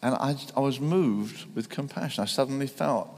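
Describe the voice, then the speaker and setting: Gravelly preacher in an echoing hall. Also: male voice, mid-range voice, darkish tone. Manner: halting with many restarts, building to fervent emphasis. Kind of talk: sermon. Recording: long reverb in a large hall.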